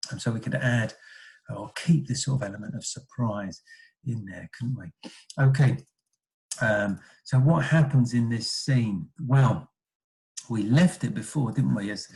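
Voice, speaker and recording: A man's voice: mid-range voice, creaky, dark tone, low-quality recording. A man teaching a writing lesson to primary school children. He thinks aloud and keeps adding tag questions. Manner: asks many tag questions like "isn't it?"; thinks aloud with frequent ums and self-corrections.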